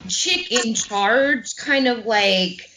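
A woman hosting a podcast in casual chat, with a high-pitched, nasal voice and an animated way of quoting herself. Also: drawn-out words, noisy background. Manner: animated, quotes herself often. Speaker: podcast host.

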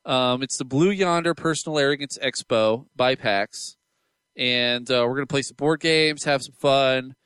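A young adult man hosting a casual podcast, excitable and quick to laugh. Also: medium pitch, clean tone, no room sound, studio quality. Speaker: podcast host.

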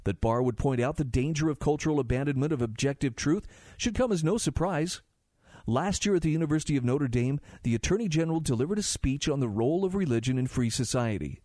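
A man's voice: on the high side, dark tone, no echo, studio quality. A man hosting a talk radio show, reading articles aloud and adding his own asides in a conversational way. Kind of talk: talk radio monologue and ad read.

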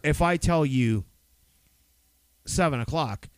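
A man's voice: on the high side, animated, slow, smooth. A man co-hosts a casual podcast, rambling and swearing freely. His voice rises and falls a lot as he talks. The sound is dry and close, with no room echo. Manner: loose, profane, rambling storyteller. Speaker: podcast co-host. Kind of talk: casual chat.

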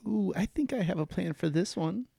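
Brief: eager player, gravelly voice, swoops a lot. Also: male voice, sits high, lively intonation, normal speed, mellow, dry recording, studio quality. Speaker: player voicing vampire character. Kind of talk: tabletop role-play.

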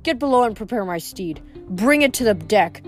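A woman reading aloud, voicing a smug, menacing young male villain who speaks slowly and calmly. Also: medium pitch, faint music behind, lightly acted. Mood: furious. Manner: calm, drawn-out menace.

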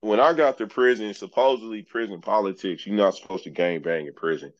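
A journeyman lineman, appearing as a podcast guest, tells his life story in a laid-back, frank way, often saying "man." His voice is lowish and a little fast, recorded dry with no room sound and a dull quality, in a casual storytelling interview.

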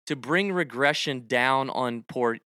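Animated man chatting with goofy sound effects. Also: mid-range voice, a little slow, smooth, no room sound, clean studio sound. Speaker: podcast co-host. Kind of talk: casual chat about golf picks.

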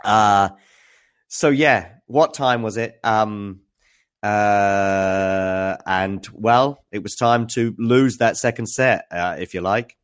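A man's voice: lowish voice, takes it slowly. A man hosting a live tennis news recap, chatting with viewers in a hesitant, filler-heavy way. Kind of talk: live-stream commentary recap.

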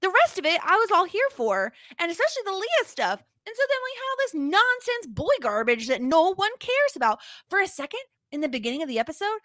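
Animated woman podcast co-host. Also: very high voice, fairly quick, few pauses, dry recording, studio quality. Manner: animated, emphatic storytelling. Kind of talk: casual chat.

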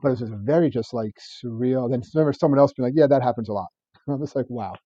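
A podcast co-host rattles quickly through stories in casual chat, rambling, laughing and restarting often. His medium-pitched voice is dark and husky, and the sound is dull, dry, close and lo-fi with no room sound.

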